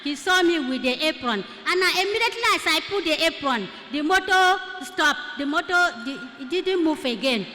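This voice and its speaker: A woman's voice: sits high, lively intonation, moderate pace, hardly any pauses, bright, forceful tone, a little hiss or hum. A Nigerian woman giving a testimony in church, telling her story with Pidgin phrases mixed in. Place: church hall. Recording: echoey church hall.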